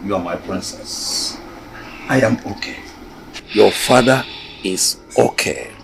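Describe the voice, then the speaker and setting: A man's voice: fairly low pitch, very noisy. An actor with a Nigerian accent playing a king speaking fondly to his daughter. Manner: slow, gravelly, affectionate.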